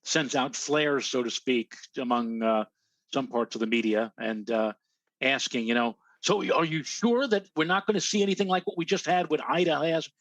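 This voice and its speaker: A man's voice: medium pitch, normal speed, fairly bright tone, dry recording. A man co-hosting a casual weather show, chatting loosely with plenty of fillers. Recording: dry, dull lo-fi audio.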